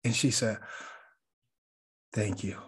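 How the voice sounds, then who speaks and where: A man's voice: lowish voice, fairly even intonation, slow pace, husky. A man co-hosting a podcast, telling a story in an earnest, reflective way and laughing often. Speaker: podcast co-host. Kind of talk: casual storytelling chat.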